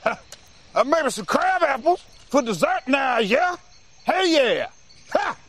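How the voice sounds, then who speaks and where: A hearty squad leader with a drawl, calling his men to make camp in a high, gravelly voice. His pitch swings widely from line to line. He sounds bossy and folksy. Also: big pitch swings, takes it slowly, a bit bright, heavily acted. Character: folksy Southern army squad leader, man.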